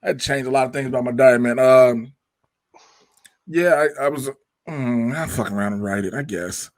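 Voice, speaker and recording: A man's voice: medium pitch, normal speed, no room sound. A young man with a Chicago accent, a podcast host chatting casually over a video call, laughing and swearing as he tells stories. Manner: profane, laughing, animated storytelling. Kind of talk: casual chat.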